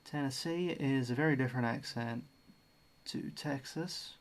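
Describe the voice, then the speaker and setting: A man's voice: mid-range voice, moderate pace. An Australian man chatting casually as host of a livestream, musing about accents. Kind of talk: casual stream chat.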